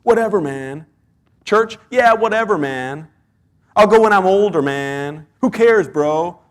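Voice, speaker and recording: A man's voice: high-pitched, expressive, unhurried. A man doing a shrugging surfer dude. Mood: dismissive. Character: carefree young male surfer dude, shrugging everything off.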